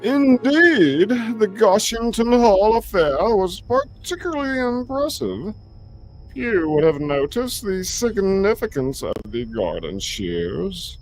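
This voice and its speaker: A man voicing a sharp, observant gentleman detective, speaking crisply and precisely. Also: high-pitched, big pitch swings, slow pace, pitched above the performer's own voice, heavily acted, low-quality recording. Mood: impressed.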